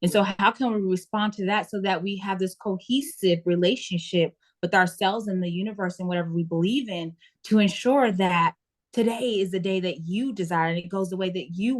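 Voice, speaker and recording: A woman guest in a casual interview who tells lively stories about self-care and acts out her own inner dialogue. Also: mid-range voice.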